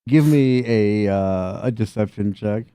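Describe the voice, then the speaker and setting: Low-voiced man running a tabletop game. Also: a little slow, warm tone, clean tone, dry recording, clean studio sound. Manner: casual, amused narration. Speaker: game master.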